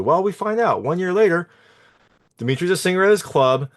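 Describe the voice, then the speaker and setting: A man's voice: medium pitch, lively intonation, a little fast. Chatty man recapping a movie. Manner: chatty, meandering, lots of fillers and asides. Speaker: movie reviewer. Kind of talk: casual spoken film recap.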